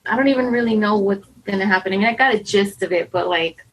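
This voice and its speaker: Anxious, husky woman talking candidly. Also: mid-range voice, rough recording. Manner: anxious, self-doubting, fast rambling with many fillers. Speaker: podcast guest. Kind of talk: candid conversational interview.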